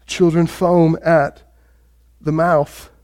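A man's voice: on the high side, flat delivery, very slow, darkish tone. A male pastor preaching a sermon and retelling a story with drama, speaking directly to the congregation.

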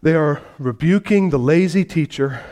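High-voiced animated male preacher. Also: moderate pace. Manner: animated, shifts from hushed to loud. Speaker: pastor. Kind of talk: sermon.

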